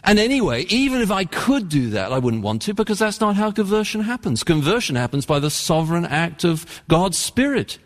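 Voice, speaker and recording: A man preaching a sermon as pastor, earnest and emphatic, with dramatic pauses and shifts in pace. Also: high voice, big pitch swings, big-room sound.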